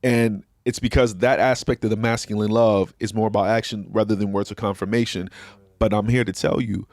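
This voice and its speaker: A man's voice: lowish voice, fairly even intonation, brisk, darkish tone, no room sound, clean studio sound. A man, talking in a slangy, preachy way and acting out quotes. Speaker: podcast host. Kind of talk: casual talk show discussion.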